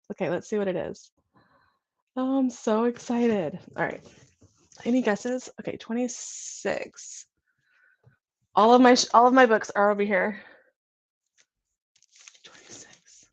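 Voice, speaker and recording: A young woman from California hosting a casual livestream, chatting in a bubbly, gushing, excitable way. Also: fairly high pitch, moderate pace, dry recording. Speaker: livestream host.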